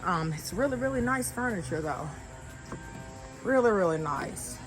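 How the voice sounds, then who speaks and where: A woman's voice: mid-range voice, normal speed. A woman talking casually to her viewers while setting up patio furniture outdoors, a little out of breath. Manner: chatty, relaxed, addresses viewers directly. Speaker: lifestyle vlogger. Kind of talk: casual sponsored vlog. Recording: background music, voice sometimes far from mic.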